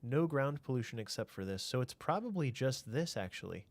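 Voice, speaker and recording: A man's voice: mid-range voice, lively intonation, a little fast, no room sound. A man streaming a city-building game, thinking aloud in a casual way, answering chat and trailing off into mutters.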